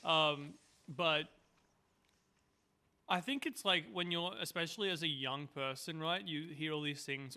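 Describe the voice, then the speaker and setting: A man's voice: on the high side, a little slow, long pauses, pushed and bright, clean tone. A man as a podcast guest, chatting casually with rambling asides.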